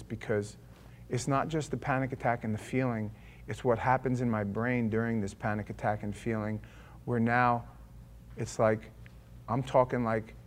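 Speaking in a mid-range voice over a faint hiss or hum, a middle-aged male preacher shares a personal story with his audience. He's animated and pokes fun at himself, alternating between loud bursts and hushed confession while dramatizing what went through his head.

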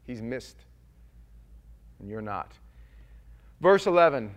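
A man preaching a sermon in a casual, folksy way, shifting from quiet asides to loud, emphatic scripture readings. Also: medium pitch, animated, normal speed. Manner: conversational, folksy preaching with slang.

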